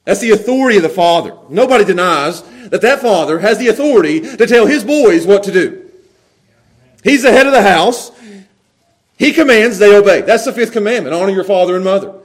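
Animated high-voiced preacher. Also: male voice, fairly quick. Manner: animated, laughing, repeats words as he goes. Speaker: pastor. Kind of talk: sermon.

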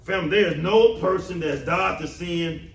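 A man preaching a sermon to a congregation, emphatic and animated, asking the room questions. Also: high voice, moderate pace. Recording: roomy echo, mic at a distance.

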